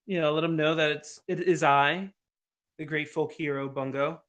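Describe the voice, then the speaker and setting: A man's voice: on the high side, steady tone, normal speed, fairly bright tone. Jokey man playing a tabletop hero. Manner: jokey, plays a boastful folk hero. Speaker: player. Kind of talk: in-character tabletop play.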